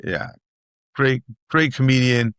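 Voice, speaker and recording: A man's voice: medium pitch, slow, fairly bright tone, clean tone, no room sound, clean studio sound. A middle-aged man, a guest comedian telling stories in casual chat, who repeats phrases for emphasis and acts out what other people said.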